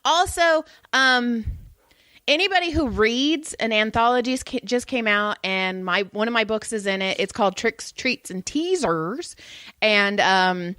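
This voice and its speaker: A woman's voice: fairly high pitch, expressive, measured pace, pushed and bright, clean tone, no echo. A woman co-hosting a casual podcast, chatty and playful, often laughing. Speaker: podcast co-host. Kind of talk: casual chat.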